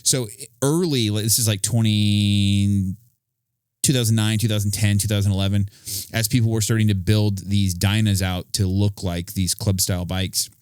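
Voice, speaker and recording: A man's voice: on the low side, fairly even intonation, normal speed, a little mellow, clear, resonant tone, no echo, studio quality. A man co-hosting a podcast in casual, profane chat, telling long rambling stories full of fillers. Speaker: podcast co-host.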